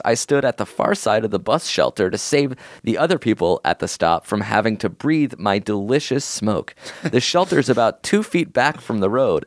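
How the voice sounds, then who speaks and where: Man, podcast co-host, reads listener email, animated, dry close sound. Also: mid-range voice, no echo. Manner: lively storytelling read, laughing asides. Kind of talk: casual chat and reading a listener email aloud.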